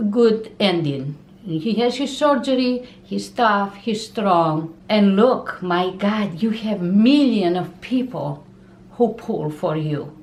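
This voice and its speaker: Halting woman, speaking slowly and repeating words; roomy recording with faint hiss. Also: medium pitch. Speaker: YouTuber's mother. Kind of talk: emotional casual talk to camera. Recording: roomy with faint background noise.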